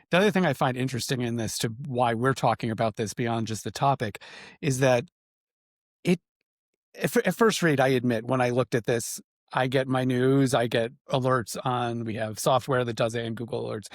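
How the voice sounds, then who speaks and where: A man's voice: mid-range voice, fairly quick, dry recording, clean studio sound. A man hosting a casual panel discussion, talking in a wry, chatty way with joking asides. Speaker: host.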